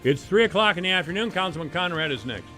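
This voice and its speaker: A man hosting talk radio with a Midwestern American accent, delivering a heated, sarcastic opinion monologue that swings between loud outbursts and low muttering. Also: expressive, fast, faint music behind. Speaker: radio talk show host.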